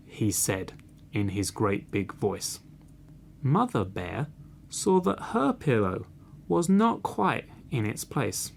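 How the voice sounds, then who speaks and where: A man narrating a children's storybook in an expressive, deliberate read. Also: mid-range voice, gravelly, slight background noise. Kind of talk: slow storybook reading.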